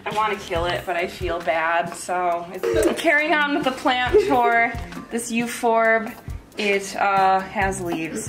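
A woman's voice: mid-range voice, takes it slowly. A young woman co-hosting a casual home show, chatty and self-mocking with crude asides, touring her houseplants. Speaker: cooking show co-host giving a plant tour. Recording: roomy, from a distance, with music behind.

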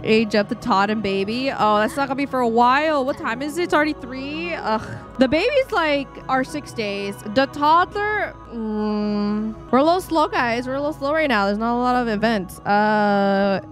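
A woman's voice: fairly high pitch, expressive, moderate pace, soft background music. A young woman casually commentating her live stream of a life-simulation game, chatty and scattered, talking to herself with lots of fillers.

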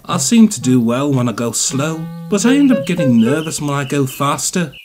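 A man's voice: a little high, sing-song, moderate pace. A man voicing a big, nervous male goods engine who talks in a mournful, anxious way. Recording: music playing behind.

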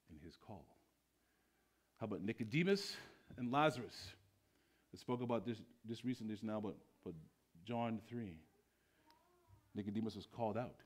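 A man preaching a sermon as pastor in a church, swinging between loud bursts and hushed lines. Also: fairly low pitch, slightly rough.

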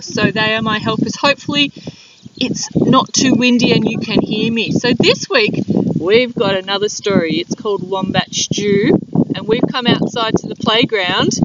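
An Australian woman, a primary school teacher, reading a picture book aloud to young children in a playground, speaking warmly and encouragingly. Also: a little high. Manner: warm, encouraging, slow and clear. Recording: dull lo-fi with wind noise outdoors.

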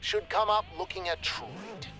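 An actor playing a cheerful, easygoing festival crew member in a racing game, speaking. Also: male voice, high-pitched, expressive, a little slow, sharp tone, faint music behind, full character voice. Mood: friendly. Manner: chatty, easygoing. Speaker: game character.

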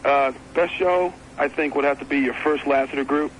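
A man's voice: mid-range voice, fairly even intonation, normal speed, low-quality recording. A man calls in to a radio talk show with a mid-range voice. He reads off his choices in a plain, matter-of-fact way. A faint hiss sits under the call. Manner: matter-of-fact, listing picks. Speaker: caller. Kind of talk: phone-in chat.

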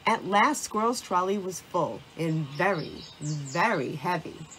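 A woman narrating a children's storybook, reading in a slow, deliberate way. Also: lowish voice, animated, a bit bright, slight background noise.

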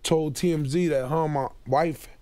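A man as a radio talk show guest, talking earnestly and haltingly in an emotional interview. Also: on the high side, fairly even intonation, a little mellow, no room sound.

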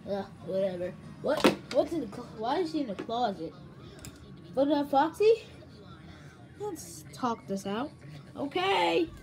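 A woman playing with toys and acting out scenes in excitable voices, prone to shouty outbursts, over a faint hiss. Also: sits high, a little slow, long pauses, over music. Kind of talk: toy play with character voices.

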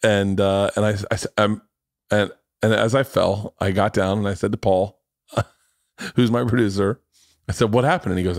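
A man's voice: fairly low pitch, fairly even intonation, normal speed, no room sound, studio quality. A man in his forties hosting a podcast, telling stories in a rambling, profane way and laughing at his own jokes. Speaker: podcast host. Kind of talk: casual storytelling chat.

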